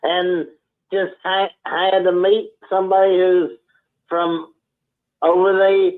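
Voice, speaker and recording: A man from Texas, calling in and speaking in a halting, stammering, earnest way. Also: high voice, little pitch movement. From Texas, USA. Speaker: caller. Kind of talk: phone-in call. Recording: tinny phone line.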